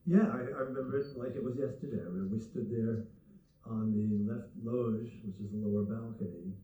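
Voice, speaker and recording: Older man telling a lively story onstage. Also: fairly low pitch, fairly quick. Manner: animated storyteller, acts out dialogue. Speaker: guest musician. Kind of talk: storytelling anecdote. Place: theater stage before an audience. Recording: echoey, distant, dull sound with faint noise.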